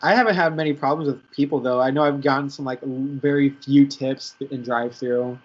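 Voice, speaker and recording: A young man co-hosts a casual podcast chat at a middle pitch. He tells laid-back stories, laughs often and swears casually. The lo-fi recording sounds dull. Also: fairly even intonation, fairly quick, a little hiss or hum. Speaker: podcast co-host.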